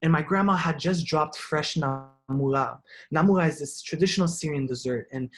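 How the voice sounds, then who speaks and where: A man's voice: a little high, moderate pace. A young man from Haiti giving an artist talk, telling his own story in an earnest, reflective way, often restarting and repeating words.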